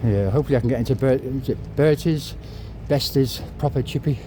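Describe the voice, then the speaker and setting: A man's voice: mid-range voice, brisk. A man, chatting and rambling as he walks for a travel vlog, a little out of breath, swearing and apologizing. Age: 50s. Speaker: travel vlogger. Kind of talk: casual walking vlog. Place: city streets outdoors. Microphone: clip-on mic to phone. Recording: outdoor street noise.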